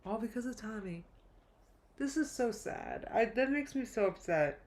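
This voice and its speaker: A woman's voice: fairly high pitch, lively intonation, darkish tone. Chatty woman live-stream reactor. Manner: chatty, rambling, quick asides with laughs. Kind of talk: casual live-stream commentary.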